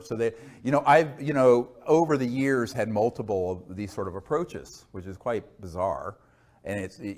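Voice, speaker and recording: A man with a low, darkish voice gives an earnest lecture and answers audience questions during a Q&A. He speaks unhurriedly, with many fillers and restarts.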